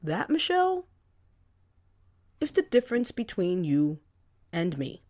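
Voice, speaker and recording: A woman's voice: fairly low pitch, huge pitch swings, unhurried, darkish tone, heavily acted. A woman voicing her adult brother, who sounds frustrated, pleading and bitter. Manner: pleading, then bitter and defensive.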